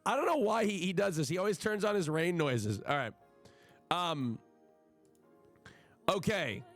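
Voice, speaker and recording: A man's voice: high-pitched, lively intonation, a little slow, a bit bright, faint music behind. A man streaming live, ranting to his chat in a profane, emphatic way with frequent stammering restarts. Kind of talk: casual livestream rant to chat.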